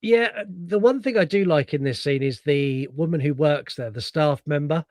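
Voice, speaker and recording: A man co-hosting a podcast, chatting casually about a film, animated and profane, acting out lines from it. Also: fairly high pitch, normal speed, dry recording, studio quality. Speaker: podcast co-host. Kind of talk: casual film review chat.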